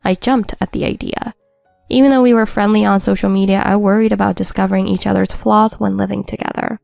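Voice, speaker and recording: A woman's voice: mid-range voice, steady tone, fairly quick, creaky, darkish tone, no echo, faint music behind. A woman narrating a first-person story in a wry, matter-of-fact scripted read.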